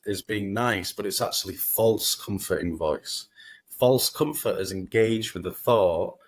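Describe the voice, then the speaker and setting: A low-pitched man rambles through a casual podcast chat, swearing freely and putting on little inner voices as he goes. his voice sits close and dry, with no room sound around it. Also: no room sound.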